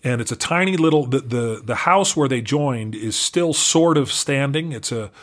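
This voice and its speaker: A man's voice: medium pitch, animated, moderate pace. A middle-aged man talking casually as an interview guest, chatty and self-deprecating, often laughing while telling stories. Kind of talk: casual conversational storytelling.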